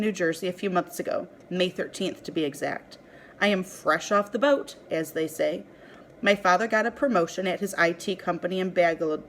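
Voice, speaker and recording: A woman teacher reads a children's chapter book aloud for her class online. Her voice sits mid-range, friendly and conversational, with a faint hum in the background. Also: mid-range voice. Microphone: home recording for an online class.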